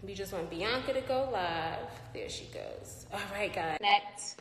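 A woman's voice: mid-range voice, animated, measured pace. A woman hosts a casual live stream from her phone, chatting playfully and calling out viewers by name. Her voice rings around a roomy space with a long reverb tail, and faint ambient noise sits underneath. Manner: chatty and playful, gives shout-outs to viewers. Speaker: host of an online live show.

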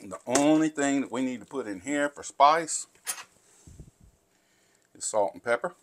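A man's voice: medium pitch, unhurried, a little hiss or hum. A man, hosting a casual home cooking tutorial in a folksy, chatty way. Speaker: cooking show host. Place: home kitchen.

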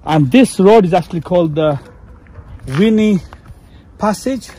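A man's voice: high-pitched, a little slow, dark tone, breathy edge. A man, talking casually to his viewers while walking outdoors on a hillside. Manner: chatty, talks straight to viewers. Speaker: travel vlogger.

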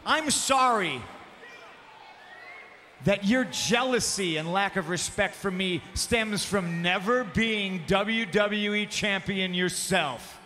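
High, bright man taunting in an arena. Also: slow. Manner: taunting, mocking, often shouting. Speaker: pro wrestling champion. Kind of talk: arena wrestling promo. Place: large arena. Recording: long arena reverb with faint background noise.

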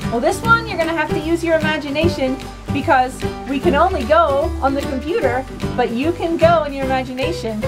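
A woman hosting a children's storytime, reading a picture book aloud and asking her young listeners questions. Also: high-pitched. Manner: bright, animated, asks young listeners questions.

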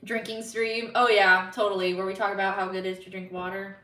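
A woman's voice: medium pitch, level tone, brisk, sharp tone, distant mic. A woman live streamer in casual chat, bubbly and giggly as she reads viewer messages aloud. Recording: roomy sound, slightly off-mic.

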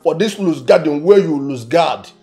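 An actor with a Nigerian accent playing a greedy, boastful grown son who shouts and mixes Igbo with English. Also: male voice, a little high, animated, moderate pace, soft background music. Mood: bitter. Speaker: actor in a film. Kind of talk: Nollywood film drama.

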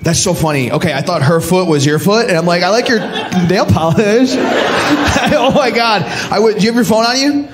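A man's voice: high voice, a little fast. A man doing stand-up crowd work at a comedy club, teasing the audience and laughing at his own jokes. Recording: loud audience laughter and room noise.

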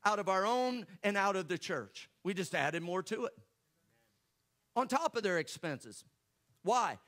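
Pastor, high voice, preaching through a story with jokes. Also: male voice, animated, measured pace, fairly bright tone. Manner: storytelling, joking with the congregation. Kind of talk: sermon.

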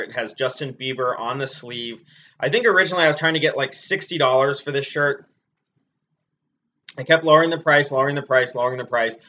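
A man with a bright, forceful voice talks through items he has sold in a relaxed, chatty vlog, pausing often on ums and uhs. The sound is dull and lo-fi, as if from a modest home setup. His pitch sits at an ordinary middle height for a man. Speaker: clothing reseller. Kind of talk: casual product review vlog.

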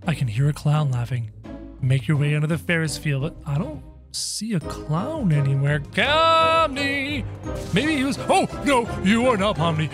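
A gaming video narrator giving excitable, playful let's-play commentary in character, bursting into yelps and laughter. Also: medium pitch, normal speed, over music.

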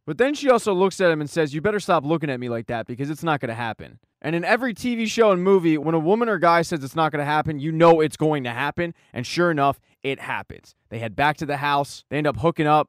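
A man giving a casual plot recap as the host of a show, telling the story briskly and quoting lines along the way. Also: fairly high pitch, no echo, studio quality.

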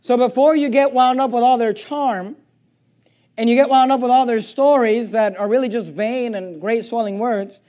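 A male pastor preaching a sermon, reading aloud and driving points home by repeating phrases and slowing on key words. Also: very high voice, warm tone.

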